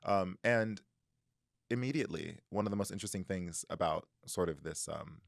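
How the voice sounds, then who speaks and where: A man's voice: deep voice, moderate pace, vocal fry, no echo, clean studio sound. A man co-hosting a podcast, recapping a novel in casual chat and animatedly acting out the characters' lines. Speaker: podcast co-host. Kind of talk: casual book discussion.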